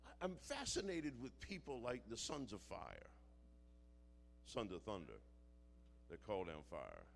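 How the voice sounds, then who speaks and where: A man preaching a sermon, moving from quiet storytelling to shouted, dramatic passages. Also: on the low side, sing-song, measured pace, creaky, slight background noise.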